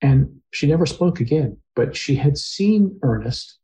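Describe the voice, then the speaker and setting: A man's voice: fairly high pitch, animated, unhurried, dark tone, rough recording. A man, a podcast guest, earnestly retelling a personal experience in conversation, sometimes getting emotional.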